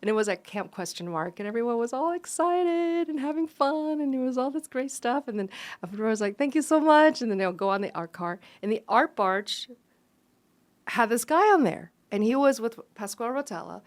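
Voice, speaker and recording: Lively woman guest telling stories, fairly high voice. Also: a little fast. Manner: lively, laughing, acts out quoted voices. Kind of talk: animated storytelling chat.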